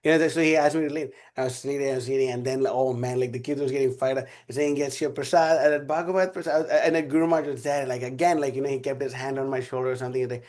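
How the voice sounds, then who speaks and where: A man's voice: medium pitch, fairly even intonation, fast, hardly any pauses, a little mellow. A man giving a casual spiritual class, telling a rambling story with frequent laughter. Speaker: class speaker.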